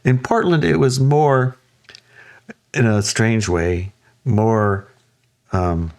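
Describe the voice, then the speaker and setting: A man in casual conversation, telling a story in an animated way and acting out quoted lines. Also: lowish voice, very slow. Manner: animated, acts out quotes in raised voices, laughs often.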